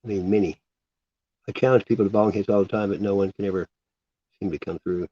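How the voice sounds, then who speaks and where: A man's voice: on the low side, steady tone, fast, warm tone, husky, muffled recording. A man vlogging in a casual, rambling, incredulous way. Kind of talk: casual chat.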